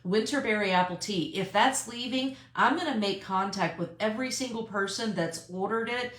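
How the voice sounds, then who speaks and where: A woman's voice: medium pitch, normal speed, fairly bright tone, roomy sound. A woman talking casually and emphatically to her sales team in a live video from her car, repeating her key points. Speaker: direct sales team leader.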